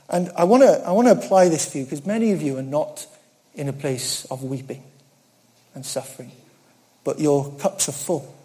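Guy preaching a sermon, kinda high voice, mellow tone, earnest and chatty, pokes fun at himself. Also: normal speed. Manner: earnest, conversational, swings between loud emphasis and hushed asides; self-deprecating humor.

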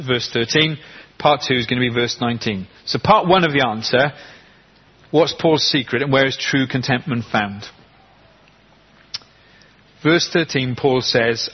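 A man preaching a sermon, emphatic and slowing down to stress key words. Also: mid-range voice, breathy edge, dull audio. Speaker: pastor.

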